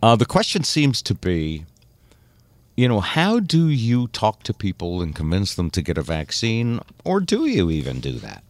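Radio host, low voice, lively pitch, dry close sound, leads the chat. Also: male voice, normal speed, dry recording. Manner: chatty, steers topics, thinks aloud with fillers. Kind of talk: casual radio talk show.

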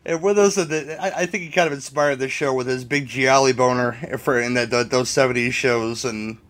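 Guy hosting a movie podcast, jokey and rambly, mid pitch, just chatting. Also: steady tone, a little fast, fairly bright tone. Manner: joking, rambling. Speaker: podcast host. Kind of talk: casual chat.

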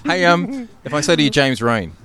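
A man co-hosting a podcast outdoors on a city street, bantering quickly and jokily. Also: a little high, sing-song, a crowd in the background. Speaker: podcast co-host. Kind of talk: casual chat.

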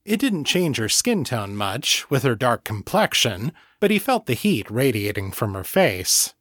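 Brief: lively male audiobook narrator, dry close mic. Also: medium pitch, measured pace, no echo. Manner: expressive storytelling. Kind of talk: scripted narration.

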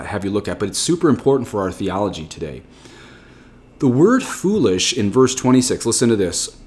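A man reading the gospel and explaining Greek and Latin words, as a priest in a slow, deliberate teaching manner. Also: lowish voice, a little mellow. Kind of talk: gospel reading and scripture commentary.

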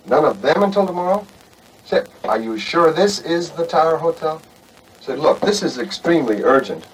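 A man's voice: a little high, animated, moderate pace, lightly acted. Guy doing a fake southern accent on an old movie phone call, stammery, sounds far off, bit of hiss. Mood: nervous, insistent. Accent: put-on American Southern. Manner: hesitant, stammering, polite. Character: young northern man faking a Southern drawl on a phone call. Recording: distant 1960s film soundtrack, faint hiss.

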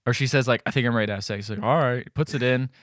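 A man's voice: mid-range voice, racing, no echo, clean studio sound. A young man co-hosting a podcast, casually retelling a film's scenes and acting out lines with lots of fillers. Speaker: podcast co-host. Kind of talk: casual movie recap chat.

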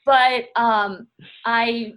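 A woman, a historian talking through her path in a relaxed interview, pausing and restarting as she thinks. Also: on the high side. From Louisiana. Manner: thoughtful, frequent restarts and fillers. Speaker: historian guest. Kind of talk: casual interview talk.

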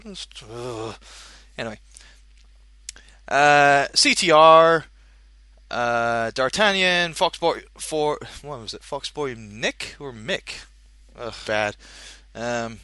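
A man's voice: mid-range voice, expressive, slow, long pauses, sharp tone, dry recording, clean studio sound. A man hosting a podcast, chatting casually and jokily, rambling with many fillers. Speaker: podcast host. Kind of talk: casual chat.

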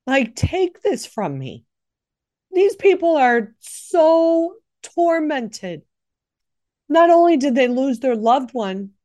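A middle-aged woman, a nurse who hosts a podcast, tells a personal faith story with emotion, rambling and often correcting herself. Her voice sits on the high side, and the studio recording is clean with no echo.

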